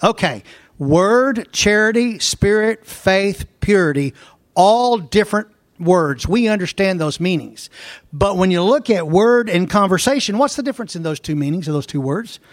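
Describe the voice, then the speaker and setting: Preacher guy, kinda high voice, homey storytelling sermon, dry close mic. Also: lively intonation, dry recording. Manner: folksy storytelling preacher, slows to read scripture aloud. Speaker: pastor.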